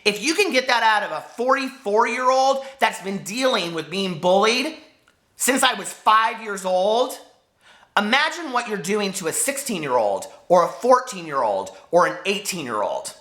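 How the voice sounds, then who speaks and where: A man in his forties with a high, squeaky voice, speaking in an impassioned, hurt vlog rant and swearing as he talks to the camera. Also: expressive, normal speed, pushed and bright, echoey room. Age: 40s. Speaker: book vlogger.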